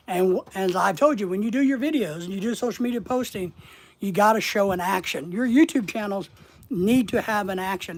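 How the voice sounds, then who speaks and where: Plainspoken man with a slight Southern accent. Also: high-pitched. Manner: rambling, plainspoken, conversational. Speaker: online business coach. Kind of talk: casual livestream lesson.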